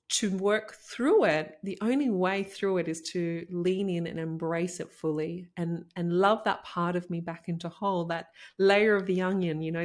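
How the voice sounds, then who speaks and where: A middle-aged woman hosting a motivational solo podcast, talking in an effusive, animated way with many "like"s and "oh my gosh"es. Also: lowish voice. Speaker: podcast host and coach.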